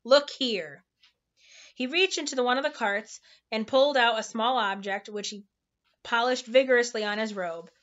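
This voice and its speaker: A woman with a somewhat high voice reads a children's novel aloud at home, relaxed and unpolished, stumbling over the odd tricky word. The recording sounds dull and lo-fi. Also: moderate pace. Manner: informal, stumbles over hard words and laughs at slips. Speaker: storybook reader.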